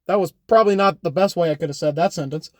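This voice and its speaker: A man's voice: sits high, fast, no echo, clean studio sound. A young man rambling through an unscripted comedic vlog, joking and correcting himself, often tagging lines with "all right?". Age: young adult. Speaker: YouTuber. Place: home.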